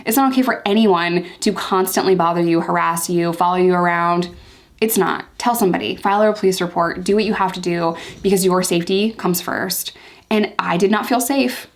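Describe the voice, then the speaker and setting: A woman's voice: fairly low pitch, a little fast. A young woman in a casual story-time vlog, talking candidly and emphatically and repeating herself for emphasis. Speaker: vlogger telling her life story.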